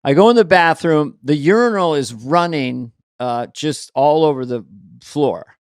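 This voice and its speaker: A man co-hosting a casual comedy chat, telling animated stories and bursting into character voices. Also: on the high side, unhurried, no echo, studio quality. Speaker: co-host.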